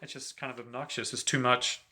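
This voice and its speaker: A man giving a relaxed, chatty saxophone lesson, talking between played examples and filling his talk with "you know". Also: medium pitch, brisk, over loud music. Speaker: saxophone teacher. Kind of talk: casual instructional talk between playing examples.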